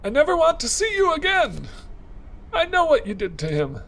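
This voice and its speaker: A man voicing a tearful young woman who hurls bitter accusations in a shrill voice. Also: huge pitch swings, normal speed, a bit bright, full character voice. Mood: grief-stricken anger.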